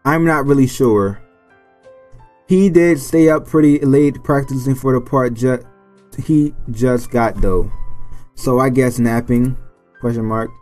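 A man's voice: mid-range voice, slow, pauses often, darkish tone, faint music behind. A man hosting a gaming channel, reading a visual novel aloud with joking commentary and stumbling over character names. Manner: playful, stumbles over names and jokes between lines.

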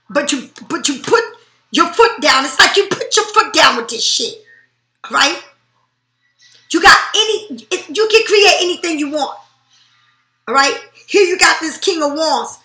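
A woman's voice: high-pitched, bright, forceful tone, reverberant. A woman reading tarot cards in a blunt, profane, emphatic way. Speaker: tarot reader.

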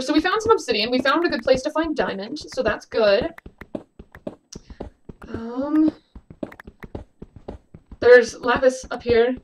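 A woman's voice: high voice, a little hiss or hum, rough recording. A young woman giving casual gameplay commentary at her desk, jumpy and exclaiming, chatting to the creatures on screen. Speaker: gaming video creator. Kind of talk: casual let's-play commentary. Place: home room at a desk. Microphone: desk webcam mic.

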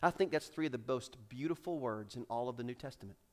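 A man preaching a sermon in church, swinging between loud, acted-out build-ups and hushed, slow drops, and repeating phrases for emphasis. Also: medium pitch. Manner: acts out characters in raised voices. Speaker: pastor. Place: church sanctuary.

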